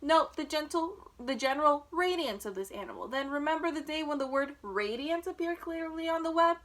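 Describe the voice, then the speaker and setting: A woman voicing a pompous male announcer making a grand, formal speech over a fair loudspeaker in a storybook. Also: high-pitched, animated, moderate pace, voice pushed up.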